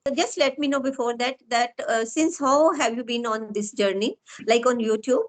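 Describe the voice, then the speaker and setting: A middle-aged woman with an Indian English accent hosting an interview, asking long, winding questions with pauses. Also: fairly high pitch, low-quality recording. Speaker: interviewer, host of English-speaking sessions. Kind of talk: conversational interview.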